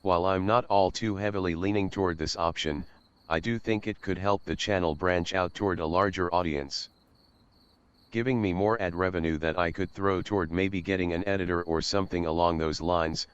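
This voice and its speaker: Low-pitched young man, resonant voice, measured scripted announcement, dull lo-fi sound. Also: steady tone, smooth, dry recording. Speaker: channel host.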